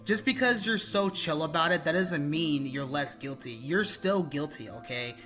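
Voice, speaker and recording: A man's voice: fairly high pitch, expressive, normal speed, sharp tone. A man narrating internet drama commentary in a blunt, profane, exasperated way.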